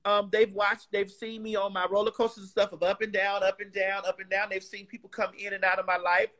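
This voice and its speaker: A woman's voice: mid-range voice, little pitch movement, fairly quick, a bit bright. A woman guest on a talk show, chatting casually and emphatically with slang, repeating words and quoting scripture like a preacher. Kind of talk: casual interview chat.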